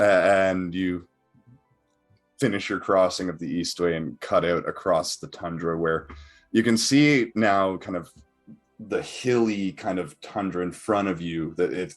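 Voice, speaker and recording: Game master, male, very low voice, rambling, casual. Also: measured pace, faint music behind. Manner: rambling, filler-heavy narration with many restarts. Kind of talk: narrating a tabletop game.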